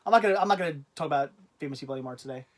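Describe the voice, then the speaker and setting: A man's voice: fairly high pitch, racing. A man hosting a casual livestream who rambles, loses his thread and restarts, and laughs easily. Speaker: livestream host.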